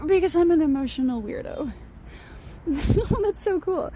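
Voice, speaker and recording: A woman streaming live as she walks outside a building, excitable and gushing, laughing often as she greets her chat and points things out. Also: sits high, unhurried, slight background noise. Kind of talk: casual live-stream chat while walking. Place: outdoors beside a gallery building.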